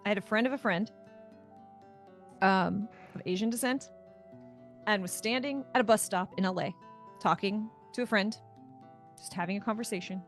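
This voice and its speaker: A woman co-hosting a casual livestream talk show, an animated storyteller whose voice leaps up for quoted lines. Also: medium pitch, fairly quick, long pauses, faint music behind.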